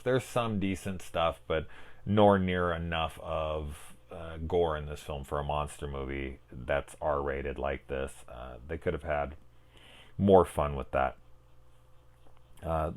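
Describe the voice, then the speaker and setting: A man's voice: sits low, clear, resonant tone. A man in his forties, a film reviewer giving a casual spoiler talk, tired and fighting off yawns late at night, rambling and swearing as he goes. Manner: rambling, profane, self-interrupting. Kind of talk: casual one-take spoiler discussion.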